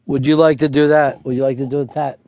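A man's voice: mid-range voice, little pitch movement, fast, darkish tone. A radio host in the studio who riffs sarcastically and playfully mocks his co-host. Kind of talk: comedic radio talk, riffing and role-playing. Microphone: studio mic.

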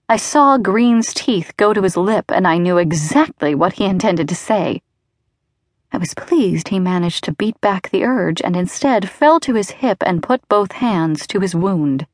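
A woman's voice: on the low side, a little slow, dry recording. A woman narrating a romance audiobook in first person, with a wry, controlled delivery on a close studio mic.

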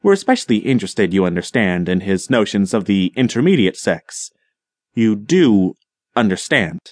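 A man's voice: on the low side, very animated, normal speed, a little mellow, dry recording, clean studio sound. A man voicing a grandiloquent, professorial older colony leader who talks in a rhetorical, dramatic way.

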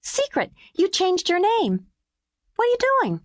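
Female narrator doing an excitable little girl, high, lively, eager, close dry read. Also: unhurried, dry recording, full character voice. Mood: excited. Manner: eager, bright and breathless. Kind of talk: audiobook character voice.

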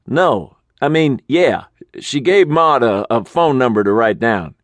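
A man voicing a nervous, jumpy motel manager in a high, anxious, whining voice. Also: animated, measured pace, no room sound, natural voice.

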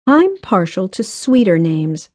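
A woman's voice: mid-range voice, sing-song, slow pace. A smitten, wistful married woman. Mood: playful.

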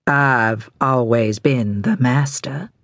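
A woman voicing a smug, controlling older male criminal mentor, speaking slowly and with measured self-satisfaction in an audiobook. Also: a bass voice, dry recording, clean studio sound. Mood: cold.

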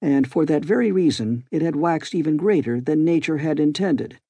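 A male narrator reads an old adventure novel in a measured, formal cadence. His voice is husky and mellow with a relaxed warmth, and the close studio recording is dry with no room sound. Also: fairly high pitch, dry recording. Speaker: audiobook narrator. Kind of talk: scripted narration.

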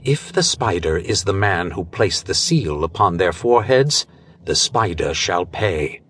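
A man voicing a controlled gentleman hero with a measured, grim way of speaking in an audiobook. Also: deep voice, expressive, a little hiss or hum. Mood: grim vow. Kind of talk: audiobook character voice.

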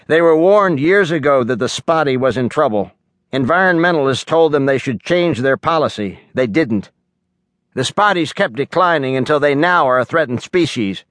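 A man's voice: a little high, expressive, normal speed, fairly bright tone, no echo, pitched above the performer's own voice. An earnest science teacher, as a man puts him on lectures with an edgy, insistent tone. The recording is dry and close, with no room in it. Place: recording studio.

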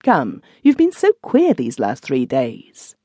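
A woman's voice: rumbling low, wildly swooping pitch, slow pace, dark tone, slightly rough, no echo, studio quality, pitched below the performer's own voice, heavily acted. A woman doing a timid, coaxing clerk husband. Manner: coaxing, stammering.

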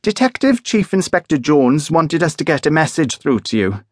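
A man plays a keen young female police dispatcher who rushes through her news with breathless eagerness. The voice is lifted high above the reader's low natural register, and the recording is dry and close. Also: big pitch swings, no room sound. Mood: eager. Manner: eager, gushing.

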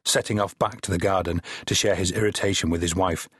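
A male audiobook narrator with a wry, measured way of telling a story. His voice is low and husky, with a wide, lively pitch range. The recording is dry and close. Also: no room sound. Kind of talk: scripted narration.

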